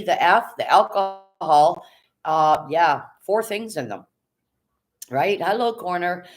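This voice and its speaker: Blunt, profane livestream host talking to chat. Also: mid-range voice. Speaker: live streamer. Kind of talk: casual livestream commentary.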